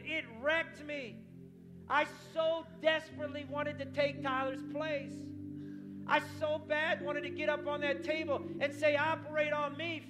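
A high-pitched middle-aged man preaching over clear background music. He tells his story with passion, often stuttering over repeated words as he builds to his point. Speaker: pastor. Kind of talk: sermon. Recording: music playing behind.

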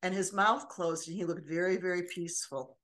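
A woman's voice: fairly low pitch, fairly even intonation, a little fast, a bit bright. Older woman telling earnest stories. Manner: storytelling, earnest, many restarts. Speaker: podcast co-host. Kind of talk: casual chat.

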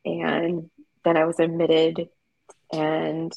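A woman's voice: low-pitched, monotone, extremely slow, gravelly, darkish tone, no room sound, muffled recording. A woman guest in an interview, telling her story candidly and with emotion, often using fillers.

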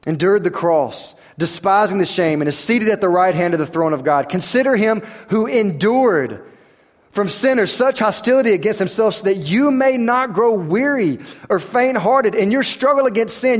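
A man, preaching a sermon that swings between quiet, intense stretches and rising emphasis. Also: high voice, expressive, moderate pace, in a large hall. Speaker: pastor.

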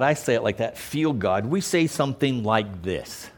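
A man's voice: medium pitch, sing-song, a little slow. A male pastor preaching a sermon in an emphatic, conversational way. He often stops to check in with the listeners.

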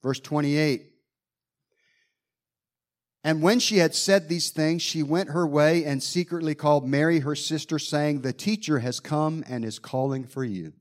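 A man's voice: a little high, measured pace. A man preaching a sermon, reading scripture verses aloud and explaining them with dramatic emphasis, acting out groans and sighs.

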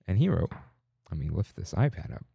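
A young podcast co-host with a low, gravelly, husky voice talks briskly in a muffled recording with no room sound. In casual chat he rambles through stories, animatedly quoting voices.

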